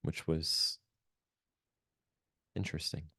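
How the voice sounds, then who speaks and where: A man, a podcast guest, telling a painful personal story in a reflective, halting way with many pauses. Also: extremely low pitch, level tone, vocal fry, pushed and bright, slightly rough, dry recording, studio quality.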